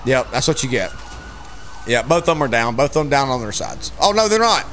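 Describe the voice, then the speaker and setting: A man streaming a police role-play game, excitedly calling out a chase, shouting and repeating himself. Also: medium pitch, a little hiss or hum. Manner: excitable, shouts and laughs, repeats phrases rapidly. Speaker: streamer playing a police deputy.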